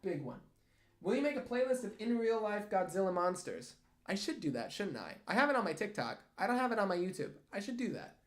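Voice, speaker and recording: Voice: mid-range voice, sing-song, a little fast. Young adult, artist streamer, casual livestream chat, playful, rambling, desk mic. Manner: rambling, playful, jokey asides. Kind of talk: casual livestream chat, answering viewer questions.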